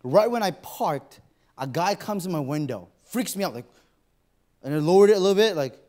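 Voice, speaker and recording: A man's voice: a little high, lively intonation, a little fast, dark tone. A man preaching a sermon in a church, telling a personal story and acting out his own inner voice. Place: church auditorium.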